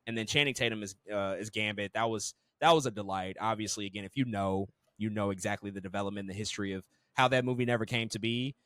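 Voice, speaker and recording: A man co-hosting a casual movie review podcast, talking in an animated way, swearing freely and repeating words as he restarts sentences. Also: lowish voice, fast talker, few pauses, no echo. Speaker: podcast co-host.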